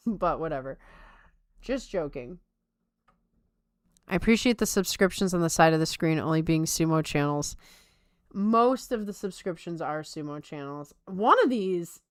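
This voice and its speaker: Smooth casual woman podcast host. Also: fairly low pitch, no room sound, clean studio sound. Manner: rambling, self-mocking, playful Valley Girl lilt. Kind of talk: casual chat.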